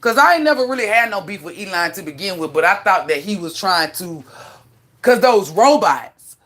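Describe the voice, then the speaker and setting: Animated, profane woman telling stories. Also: medium pitch, normal speed. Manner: animated, profane, rambling storyteller. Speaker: livestream host. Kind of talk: casual livestream storytelling.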